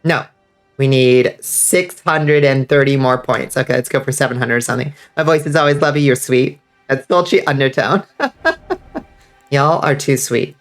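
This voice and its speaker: A man with a congested, stuffy voice giving casual, excitable commentary while playing a game and reading chat. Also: medium pitch, normal speed, soft background music. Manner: excitable, swears freely, reads out chat. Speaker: streamer.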